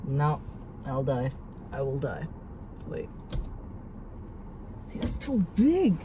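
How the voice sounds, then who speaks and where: Filming a casual road-trip vlog in his car, this young man rambles, sounds nervous, and pokes fun at himself. His pitch is medium and he is very animated yet unhurried, with background noise behind him.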